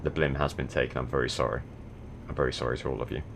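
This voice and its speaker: A man's voice: very deep voice, steady tone, rapid-fire, vocal fry, noisy background. A young man from the south of England chatting casually while streaming a driving game, with dry, sardonic commentary. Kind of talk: casual gaming stream chat.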